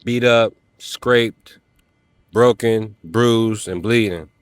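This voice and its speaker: A man's voice: on the low side, very slow, clean tone, no echo. A man giving a motivational talk to other men, emphatic and preachy, speaking in casual slang. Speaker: self-help vlogger.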